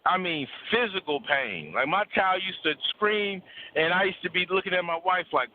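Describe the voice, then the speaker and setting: A man's voice: high voice, lively intonation, moderate pace, slight background noise. A man speaking bluntly and preachily, with profanity and repeated words for emphasis, in a casual talk about relationships over a call. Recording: tinny phone-like line.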